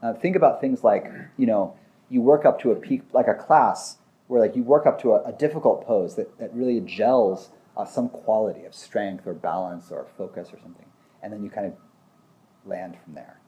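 A man's voice: on the low side, normal speed, muffled recording. A man giving a casual teaching talk, thinking aloud with frequent restarts and acting out short examples.

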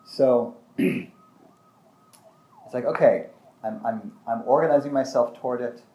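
A man's voice: medium pitch, unhurried, mellow. A man giving a casual teaching talk, thinking aloud with frequent restarts and acting out short examples.

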